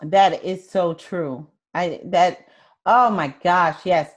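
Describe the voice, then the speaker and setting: An older woman hosting a podcast, chatting casually and telling stories with soft laughs. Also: on the low side, slow. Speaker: podcast host. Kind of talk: casual interview chat.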